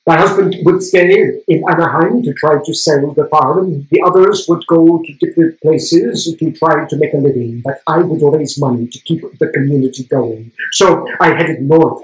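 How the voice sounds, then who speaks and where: A proud, weary Polish actress played by a man tells her story in a slightly high voice with a Polish accent. Her delivery is slow and deliberate, and a roomy stage echo hangs around each line. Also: close to an everyday voice. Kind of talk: one-man stage monologue. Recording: roomy theatre stage sound.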